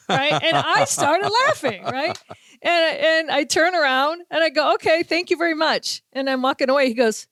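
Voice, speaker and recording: A woman with a Boston accent, a podcast host and sports reporter telling an animated story and acting out the quotes. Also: sits high, brisk, no echo. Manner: animated storyteller, acts out quotes, laughs often. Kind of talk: casual storytelling chat.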